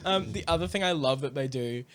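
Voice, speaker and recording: A man's voice: fairly high pitch, a little fast, a little hiss or hum. A man co-hosting a podcast in a studio, chatting casually, acting out funny bits and laughing often. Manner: animated storyteller, laughs often, acts out bits. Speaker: podcast co-host. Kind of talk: casual chat.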